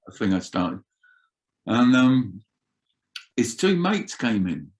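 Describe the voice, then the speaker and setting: An older man telling roadie stories in an animated, swearing way as an interview guest. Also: medium pitch, takes it slowly. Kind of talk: casual storytelling.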